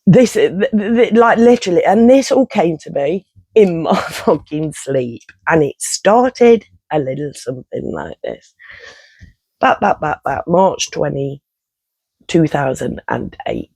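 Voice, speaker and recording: A man's voice: a little high, sing-song, a little slow, creaky, a little mellow, breathy edge, dry recording, rough recording. A man, telling a rambling personal story in casual vlog style, swearing and interrupting himself often. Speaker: vlogger.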